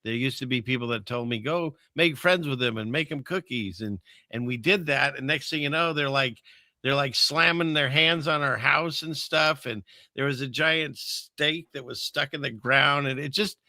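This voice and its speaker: A man's voice: medium pitch, moderate pace, pushed and bright, no room sound. A man hosting a show, telling a story in an earnest, conversational way. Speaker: podcast host. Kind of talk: casual conversation.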